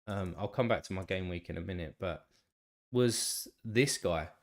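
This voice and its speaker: Male streamer, nasal and stuffed up, a bit tired, low-ish voice, rambling casual chat. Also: moderate pace. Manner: rambling, talks to chat viewers by name, many restarts. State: congested, still a bit tired. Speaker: live stream host.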